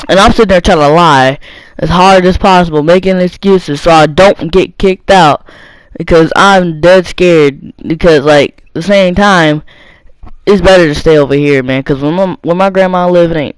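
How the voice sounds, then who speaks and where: A man's voice: a little high, a little slow, clear, resonant tone, dry recording, low-quality recording. A young teenage boy telling a rambling personal story, with lots of fillers and restarts. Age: young teen. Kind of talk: casual storytime monologue.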